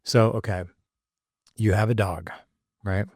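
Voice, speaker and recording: A middle-aged male podcast host chats casually with his son, circling back and restarting his sentences as he goes. His voice sits low and even. The recording is close and dry. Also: unhurried, no room sound. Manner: rambling, self-correcting, laughing often.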